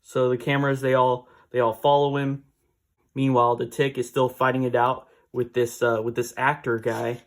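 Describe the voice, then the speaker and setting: A man's voice: mid-range voice, level tone, normal speed. A man casually recapping a comic book issue, rambling with fillers and small laughs.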